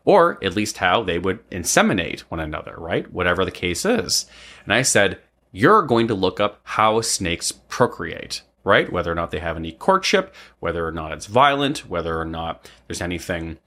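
Man of about forty with a very low voice. Loose, rambling storyteller who drops frequent "um"s. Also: sing-song, moderate pace, sharp tone. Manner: rambling, frequent "um" and tag "right?". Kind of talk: casual personal storytelling.

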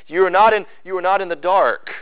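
A pastor with a drawl delivers his sermon in a fairly high, smooth and resonant voice. He swings from ringing emphasis to hushed, drawn-out lines. The sound is dry and a little dull. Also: no echo. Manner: preaching with sudden swings between loud emphasis and hushed intensity.

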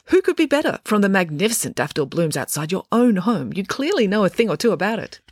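A woman's voice: mid-range voice, sing-song, fast, husky, dry recording, clean studio sound, pitched above the performer's own voice. A woman voicing a pompous, vain middle-aged woman mayor with a grand, prickly manner. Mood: haughty.

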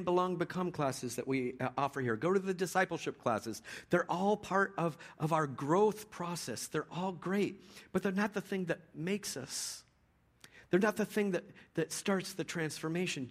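A man preaching in an easy, conversational storytelling manner. His voice sits a little higher than average. He often restarts his sentences as he talks to the congregation. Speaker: pastor. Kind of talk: sermon.

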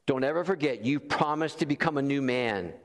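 A man voicing a gentle, forgiving older male bishop who speaks warmly and insistently. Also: mid-range voice, fairly quick, lightly acted. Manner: warm, insistent, pleading. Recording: long reverb in a large hall.

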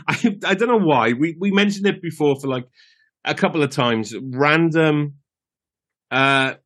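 A man's voice: on the high side, expressive, measured pace, fairly bright tone. A man co-hosting a podcast, telling rambling stories in casual chat with many fillers. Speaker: podcast co-host.

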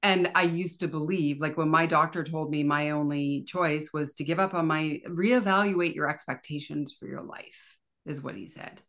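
A woman from Canada, a podcast guest, talking in a casual, animated way full of "like" fillers. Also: low-pitched, moderate pace, hardly any pauses. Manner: animated, chatty, lots of fillers like "like". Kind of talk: casual conversational interview.

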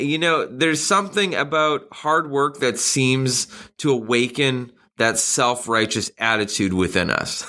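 A man's voice: medium pitch, bright, forceful tone. A middle-aged man giving a sermon in a conversational, self-deprecating way, with frequent restarts and light laughs. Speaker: pastor.

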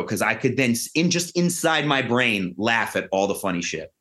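A man with a fairly low voice, swapping stories on a podcast. He talks in an animated, profane, freewheeling way and builds his anecdotes with plenty of energy. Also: normal speed, few pauses. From Queens, New York. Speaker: actor guest. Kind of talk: casual podcast storytelling.

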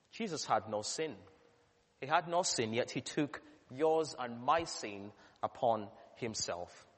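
A man, a pastor, delivering a sermon with earnest emphasis that swells to loud peaks. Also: medium pitch. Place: church. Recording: long church reverb.

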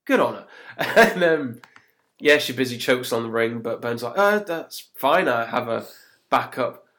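A man's voice: mid-range voice, normal speed, a bit bright. A man, hosting a podcast and recapping an episode in a chatty way. He laughs often and acts out quotes as he goes. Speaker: podcast host. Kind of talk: casual chat recapping an episode.

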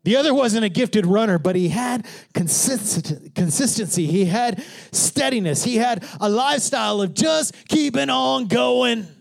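A man preaching a sermon in church, joking with the congregation and swinging from hushed whispers to shouts. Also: extremely high pitch, lively intonation, moderate pace, vocal fry, hardly any pauses, faint music behind. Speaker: pastor.

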